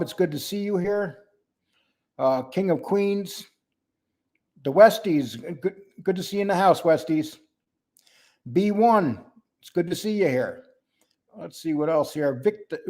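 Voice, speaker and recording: A man's voice: high-pitched, dark tone. An older man hosting a casual livestream, greeting viewers by name and talking bluntly and mockingly. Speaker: livestream host.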